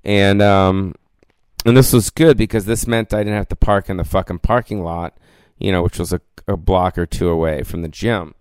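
A man's voice: low voice, steady tone, normal speed, darkish tone, clean tone, no echo. A man hosting his own podcast, lying down while he rambles through a profane solo rant and keeps asking "you know what I mean?". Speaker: podcast host. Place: lying down indoors.

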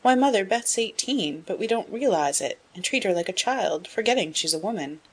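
A woman reading a spirited, frank, headstrong young woman in an audiobook, in a brisk, emphatic way. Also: mid-range voice, husky. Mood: earnest. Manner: brisk, emphatic, rising to excited outbursts.

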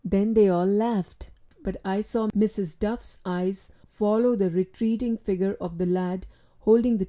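A woman narrating a storybook in a steady, clear reading voice. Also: mid-range voice. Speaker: audiobook reader.

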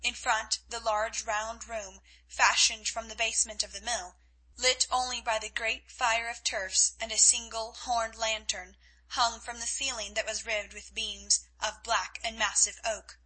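A woman reading a novel aloud as an audiobook narrator, in measured, vivid storytelling. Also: fairly high pitch, flat delivery, bright, forceful tone, husky, rough recording. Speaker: audiobook reader. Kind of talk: scripted narration.

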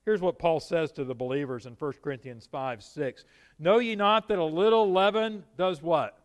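Animated preacher man, smooth resonant voice. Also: fairly high pitch, normal speed. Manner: animated, emphatic, asks the congregation questions. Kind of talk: sermon.

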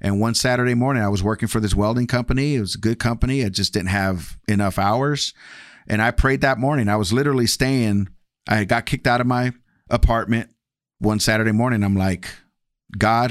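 A man's voice: on the low side, no echo, clean studio sound. A man telling his personal testimony in a casual, candid way, acting out past conversations with shifting voices. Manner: candid, acts out past dialogue with varied voices. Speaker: guest sharing testimony.

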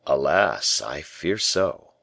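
A man reading the part of a calm, guarded male bishop who answers in slow, grave, measured replies. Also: extremely low pitch, vocal fry, no room sound, voice pushed down, exaggerated voice.

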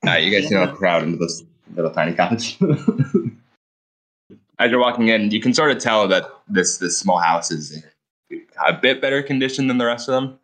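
A man's voice: on the low side, animated, moderate pace, a bit bright, rough recording. A man narrating as game master at a tabletop game, describing the scene loosely with many fillers.

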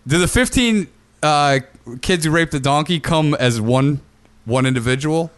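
A man's voice: fairly high pitch, measured pace. A man co-hosting a podcast, joking crudely and laughing often. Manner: joking, laughs often, slips into silly voices. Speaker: podcast co-host. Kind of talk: crude comedic banter.

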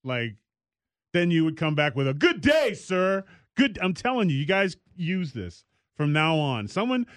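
Animated man with a dry studio sound. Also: moderate pace, clear, resonant tone, no echo. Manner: animated storytelling, jumps into high mock voices. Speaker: podcast co-host. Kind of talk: casual chat.

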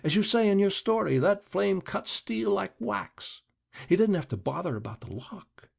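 A man voicing a grim, rasping middle-aged male deputy who questions relentlessly. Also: high-pitched, lively intonation, normal speed, voice pushed up, full character voice. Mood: accusing.

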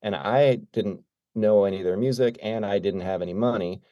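Low-voiced man telling road stories. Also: brisk, no echo, muffled recording. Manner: animated, acts out quoted dialogue. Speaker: guest drummer. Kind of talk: casual storytelling.

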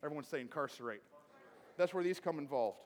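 High-voiced man preaching in a reverberant church. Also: animated, fast, a little mellow. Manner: emphatic, repetitive preaching with audience call-outs. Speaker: pastor. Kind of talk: sermon. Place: church sanctuary, speaking from the pulpit. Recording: long reverb of a church hall.

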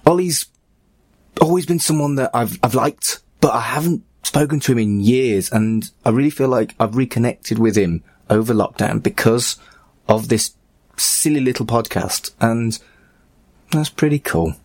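A man's voice: mid-range voice, normal speed, darkish tone, no room sound. A man hosting a podcast, casually thanking guests and introducing the next story. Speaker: podcast host.

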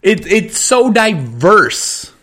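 Heated male podcast host, profane and emphatic, higher-pitched voice. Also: sing-song, extremely slow, bright, forceful tone. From California. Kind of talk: angry podcast rant.

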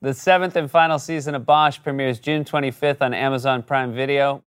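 A man's voice: medium pitch, fairly even intonation, a little fast, a bit bright, smooth. A man from New Hampshire hosting a talk show, asking questions with little fillers and frequent laughs. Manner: laughs often, asks with fillers.

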